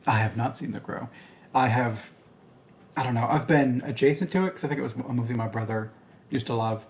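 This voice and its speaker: A man's voice: medium pitch, fairly quick. A man co-hosting a casual movie-review podcast, easygoing and chatty, backing his co-host with frequent agreeing murmurs and small laughs.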